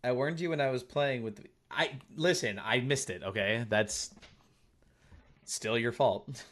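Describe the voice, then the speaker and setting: A man's voice: medium pitch, measured pace, a bit bright. A male game streamer chatting casually while playing, thanking viewers and teasing his friends. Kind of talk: casual live-stream chat while gaming.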